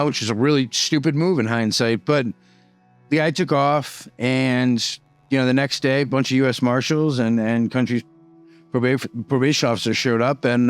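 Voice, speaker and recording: A man tells a story in a loose, rambling way, filling his sentences with "like" and "you know." His voice is smooth and clear and sits at an ordinary pitch. The sound is dry and close, with faint music underneath. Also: no room sound. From Boston. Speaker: YouTuber telling prison stories. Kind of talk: casual storytelling.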